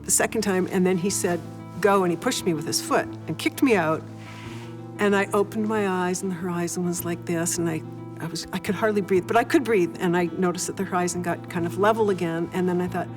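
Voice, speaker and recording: An older woman with a fairly low voice tells her story in a documentary interview. She brings each moment to life as she goes, and soft music plays underneath. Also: fairly even intonation, a little fast. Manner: vivid storytelling, acts out moments.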